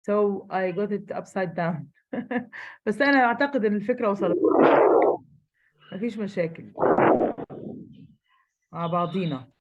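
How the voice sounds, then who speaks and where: Egyptian woman teaching English, lively pitch. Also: lo-fi sound. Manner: switches fast between Arabic and slow careful English. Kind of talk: online class teaching, mixing Arabic and English.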